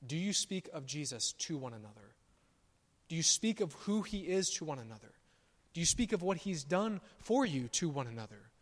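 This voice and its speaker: A pastor preaching a sermon, emphatic on his declarations and softer on quiet asides. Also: a little high, very animated, normal speed. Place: church sanctuary. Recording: long church reverb.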